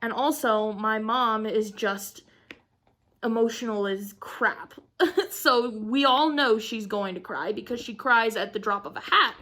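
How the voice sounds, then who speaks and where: A woman's voice: fairly high pitch, a little slow, bright, forceful tone. A woman in her twenties chatting casually and emphatically on her vlog, laughing often and swearing now and then. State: excited. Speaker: crafting vlogger. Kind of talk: casual chat.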